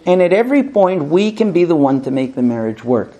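A rabbi lecturing on marriage, acting out bickering spouses and quoting Hebrew phrases before translating them. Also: male voice, fairly high pitch, a little fast. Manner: animated, acts out squabbling spouses in quoted dialogue. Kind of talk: spoken lecture.

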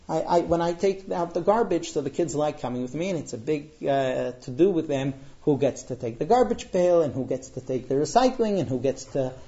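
A lively storyteller giving a parenting talk, with pitch rising and falling all through. The voice is warm and mellow. The sound is muffled and lo-fi, as if from a modest recording of a live class. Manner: animated storyteller who acts out quotes. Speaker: parenting speaker.

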